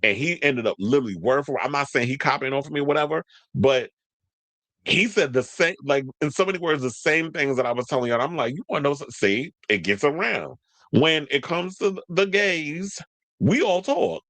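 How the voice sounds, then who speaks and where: A man with talks gossip on his own channel, sassy and quick with asides. His voice swoops with lots of pitch movement. The sound is dry and close, with little room echo. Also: lively intonation, a bit bright. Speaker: commentary channel host. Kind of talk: casual gossip commentary.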